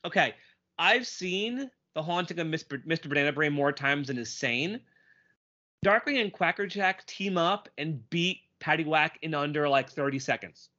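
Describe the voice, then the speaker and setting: Male podcast co-host, bright and a bit high, animated casual chat, dull lo-fi audio. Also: moderate pace. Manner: animated, quips and reads lines aloud.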